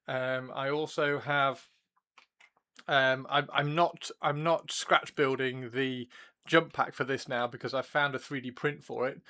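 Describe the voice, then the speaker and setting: Male streamer, bright voice, rambling and giggly, chatting to viewers while he works on models. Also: medium pitch, steady tone, unhurried. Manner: chatty, repeats himself, laughs often. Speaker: livestream host. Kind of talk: casual chat while building models.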